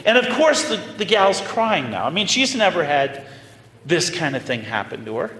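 A man preaching, with an animated, conversational storytelling manner. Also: a little high, normal speed. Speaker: pastor. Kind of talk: storytelling sermon. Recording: roomy hall reverb, faint noise.

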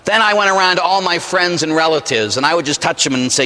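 A man from Pittsburgh, a Catholic priest, telling a personal story as a sermon in an animated, humorous way, acting out the scenes. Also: on the high side, quick pace, big-room sound. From Pittsburgh, USA.

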